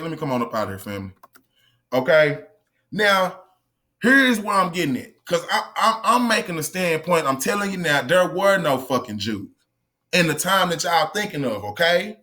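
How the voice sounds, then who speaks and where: A man's voice: on the high side, very animated, normal speed, pauses often, sharp tone. A man delivering a heated, profane monologue to camera. He talks emphatically and confrontationally, repeats himself, and addresses his viewers directly. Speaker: online lecturer.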